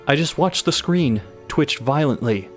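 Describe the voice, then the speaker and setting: Young man, comedic live reading, stumbles over misspellings, amused, higher voice, faint music behind. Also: lively intonation, unhurried. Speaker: host reading a bad horror story aloud.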